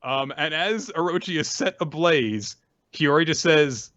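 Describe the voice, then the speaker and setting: Man, podcast co-host, casual chat, laughing, bright tone, dull recording. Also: a little high, expressive. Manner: laughing, quick to slip into voices. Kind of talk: casual chat, recapping manga.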